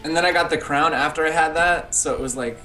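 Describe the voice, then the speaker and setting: A man's voice: fairly high pitch, fast talker, bright, forceful tone, faint music behind. A British man co-hosting a casual gaming chat, chatty and teasing. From Britain. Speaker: co-host.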